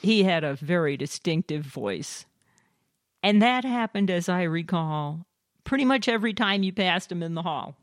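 A woman's voice: on the low side, lively intonation, normal speed, no room sound, studio quality. A woman co-hosting a show, telling stories and reading listener submissions in a matter-of-fact way. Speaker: co-host.

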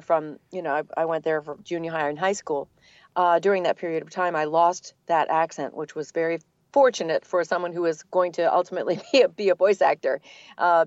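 An older woman, a voice actor, telling her story in a relaxed, articulate interview manner with a neutral accent. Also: deep voice, no echo, highs cut off. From Boston area, United States. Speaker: guest, voice actor. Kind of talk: conversational interview.

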